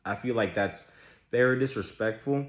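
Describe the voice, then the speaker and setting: A man's voice: medium pitch, normal speed. A young man vlogging casual relationship advice, blunt and full of swearing, who keeps asking his viewers rhetorical questions. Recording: echoey room.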